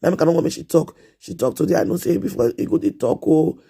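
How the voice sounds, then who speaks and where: A Nigerian woman in her thirties talks to her live stream viewers in a casual, earnest way, coming back again and again to the same plea. Her voice is husky and mellow, with a gravelly edge that comes and goes. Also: low voice, animated, fast. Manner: repetitive, pleading, earnest. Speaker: live streamer giving advice.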